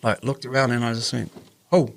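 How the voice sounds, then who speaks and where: A man's voice: medium pitch, steady tone, moderate pace, gravelly. A man with a New Zealand accent telling a personal story in a casual podcast chat, earnest, acting out the voices of the people in it. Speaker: podcast host.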